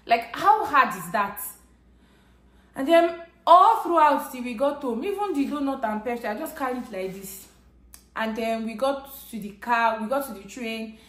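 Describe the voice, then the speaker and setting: A woman from Nigeria with a Nigerian English accent speaks to her vlog audience in an earnest, conversational way. Her voice sits a little high. The recording has a noticeable roomy echo. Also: lively intonation, normal speed, a bit bright. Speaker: vlogger. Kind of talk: personal storytelling to camera. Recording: echoey room.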